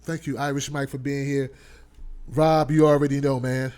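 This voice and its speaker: A man hosts a live online talk show, giving shout-outs to chat. His mid-range voice is a little mellow, with a level tone and normal speed. He speaks informally and earnestly, repeating himself as he rallies his audience.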